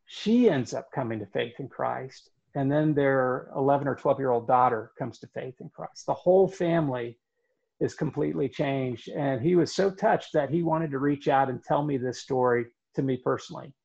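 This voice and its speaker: Gravelly man telling a story earnestly. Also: medium pitch, a little mellow, dull audio. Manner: earnest, halting narration with fillers. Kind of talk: storytelling in conversation.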